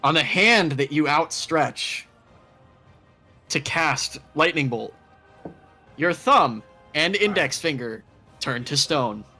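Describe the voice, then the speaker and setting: A man's voice: a little high, animated, slow, pauses often, pushed and bright, faint music behind. A man acting as game master for a casual tabletop game, laid-back and amused.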